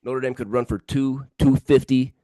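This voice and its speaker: A man's voice: medium pitch, flat delivery, moderate pace, mellow, no echo, clean studio sound. A man co-hosting a casual sports podcast, giving confident, emphatic picks and repeating himself for emphasis. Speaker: podcast co-host.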